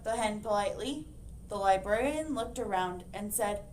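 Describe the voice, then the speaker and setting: A woman librarian reading a picture book aloud to children, expressive and animated, pointing out the pictures. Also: medium pitch, normal speed, a little hiss or hum.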